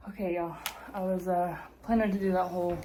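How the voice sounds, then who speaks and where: A woman hiker chatting casually to her phone camera, gushing and often dropping into a hushed half-whisper. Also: fairly low pitch, flat delivery, brisk, a little hiss or hum. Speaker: long-distance hiker vlogging. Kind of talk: casual vlog chat.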